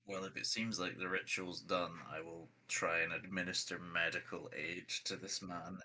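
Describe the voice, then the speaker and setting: A man's voice: deep voice, flat delivery, moderate pace, pushed and bright. A man playing in a tabletop role-playing game, talking casually and thinking aloud with hesitations. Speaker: player.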